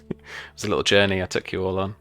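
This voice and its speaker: A man's voice: deep voice, level tone, fast talker, pushed and bright, soft background music. A man narrating a tabletop game as game master, describing scenes loosely with many fillers.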